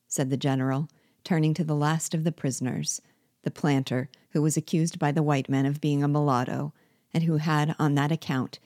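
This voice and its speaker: A woman, the regular reader of the series, narrating a classic novel aloud with steady expression. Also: very deep voice, no echo, studio quality. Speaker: reader and teacher.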